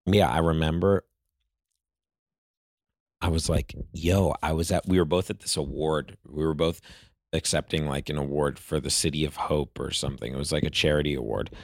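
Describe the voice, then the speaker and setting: A man's voice: a bass voice, steady tone, moderate pace, dry recording, clean studio sound. A man, a guest on an interview show, telling casual stories in a rambling way full of "like" fillers.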